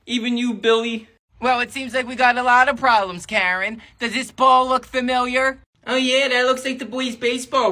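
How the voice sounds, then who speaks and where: A sketch comedian playing every role in a family comedy sketch, switching between put-on voices and often shouting. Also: medium pitch, dry recording. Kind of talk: one-man comedy sketch with many voices.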